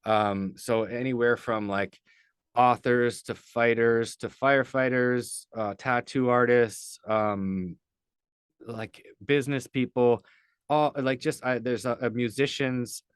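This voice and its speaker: A man's voice: mid-range voice, fairly even intonation, slow pace, clear, resonant tone, no room sound. A man talking as a podcast guest, telling a personal story in an earnest, rambling way with lots of fillers. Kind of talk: casual storytelling in a podcast interview.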